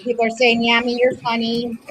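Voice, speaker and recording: A woman with a slightly raised voice chats casually as she reacts to clips on a stream. She muses aloud, trailing off and laughing softly. A faint hiss sits under her voice. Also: a little high, monotone, brisk, rough recording. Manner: chatty, musing aloud with small laughs. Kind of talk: casual commentary.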